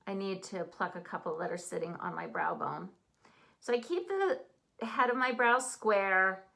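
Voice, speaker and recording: Speaking in a mid-range voice that sounds pushed and bright, a Canadian-accented makeup artist chats upbeat and casual while applying makeup during a tutorial.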